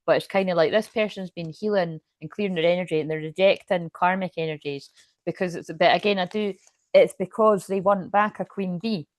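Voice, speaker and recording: Chatty tarot reader with a lowish voice. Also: female voice, fairly quick, no room sound. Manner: chatty, laughs often, rambling asides. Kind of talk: tarot reading live stream.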